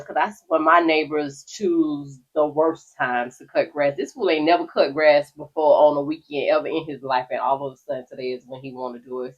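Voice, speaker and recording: Husky low-voiced woman ranting. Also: a bit bright, highs cut off. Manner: blunt, exasperated, slangy. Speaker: host reacting to stories. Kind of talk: casual commentary. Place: home room by a window.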